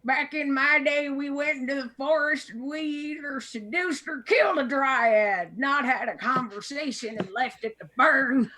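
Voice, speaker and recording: A woman voicing a cranky old village man who scolds loudly, in a tabletop role-play game. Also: high-pitched, a little slow, few pauses, voice pushed up. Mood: scolding. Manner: loud, scolding.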